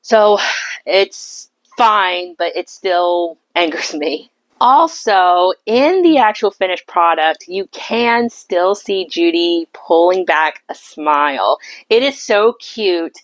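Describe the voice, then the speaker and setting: A woman's voice: fairly low pitch, lively intonation, takes it slowly, dry recording, rough recording. A woman reviewing a classic film in a casual, chatty, opinionated way.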